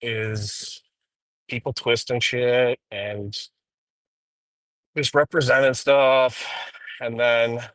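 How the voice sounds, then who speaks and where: A man's voice: medium pitch, little pitch movement, extremely slow, long pauses, fairly bright tone, no room sound, poor audio. A man streaming live while driving, rambling through profane drama commentary with frequent ums. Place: inside a car.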